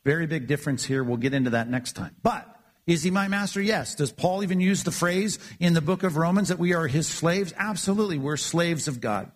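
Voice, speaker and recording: A man's voice: a little high, a little fast. A man preaching a sermon, earnest and emphatic, often repeating words as he builds his points. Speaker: pastor.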